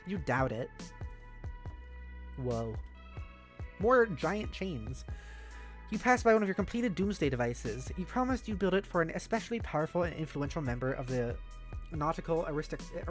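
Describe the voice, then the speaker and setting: A chatty streamer who reads a webcomic aloud and keeps breaking off to ramble. The talk is loose and filled with "like", over faint background music. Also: mid-range voice. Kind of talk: casual read-along of a webcomic.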